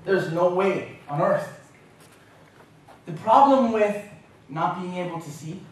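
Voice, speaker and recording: A man giving a university talk, telling an animated, self-mocking story. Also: sits high. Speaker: guest speaker. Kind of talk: lecture storytelling. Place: university lecture room. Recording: echoey lecture hall from far off.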